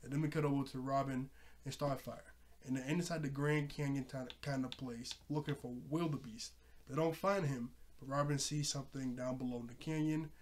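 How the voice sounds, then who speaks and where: A young man casually recapping a cartoon episode, laughing often and jumping up in pitch when surprised. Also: fairly even intonation, brisk. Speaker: show reviewer.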